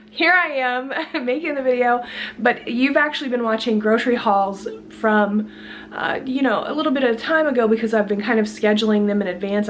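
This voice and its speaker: A woman's voice: medium pitch, slight background noise. A woman with a congested voice, chatty and laughing often, filming a casual grocery haul vlog at home. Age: adult student with a job. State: sick, congested voice. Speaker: vlogger. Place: at home, kitchen.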